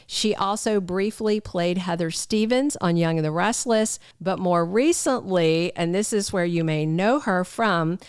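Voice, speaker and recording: A woman's voice: fairly low pitch, unhurried, few pauses, clean tone, no room sound, studio quality. Chatty woman hosting soap gossip news. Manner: chatty, gossipy, addresses viewers directly. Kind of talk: casual spoken news chat.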